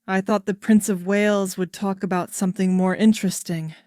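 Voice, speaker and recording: A woman voicing a frank, lively American society woman in storybook dialogue, speaking directly. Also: medium pitch, a little fast, dry recording, studio quality, natural voice.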